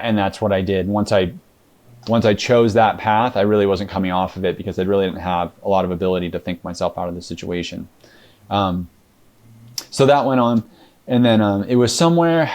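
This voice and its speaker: A man with a fairly low voice recounts his experience to an interviewer. He talks casually and rambles, leaning on fillers and restarting his sentences. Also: a little mellow. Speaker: interview guest.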